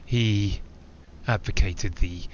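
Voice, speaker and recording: A man's voice: fairly low pitch, takes it slowly, lo-fi sound, a little hiss or hum. An actor playing a man flying alone, who talks in a reflective, digressive way with small hesitations. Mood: musing. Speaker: narrator-pilot. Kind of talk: theatrical monologue.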